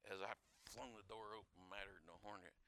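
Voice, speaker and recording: A middle-aged man preaching a sermon, telling a personal story, swinging from loud storytelling to hushed intensity. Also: low-pitched, steady tone, brisk, slight background noise. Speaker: pastor.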